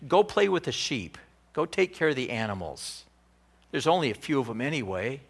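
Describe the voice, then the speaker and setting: A man's voice: mid-range voice, very animated, normal speed, gravelly, husky, exaggerated voice. A man voicing a contemptuous older brother who mocks and belittles. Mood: mocking. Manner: mocking, belittling.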